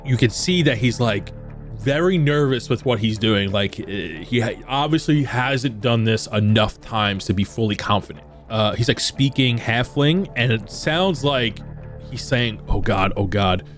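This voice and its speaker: A man's voice: mid-range voice, lively intonation, unhurried, soft background music. A man narrating a tabletop role-playing game as game master, loose and chatty with frequent fillers.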